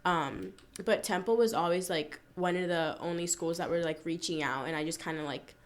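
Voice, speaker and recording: Young woman from Florida, athlete guest, easygoing chatty delivery, slightly low voice. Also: normal speed. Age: young adult. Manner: casual, filler-heavy, frequent "like". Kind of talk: casual interview chat.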